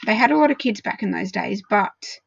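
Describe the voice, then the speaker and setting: A woman teaching a Bible study in a casual way, walking through verses and explaining them with frequent pauses and ums. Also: medium pitch, expressive, vocal fry, slightly rough, no room sound, lo-fi sound.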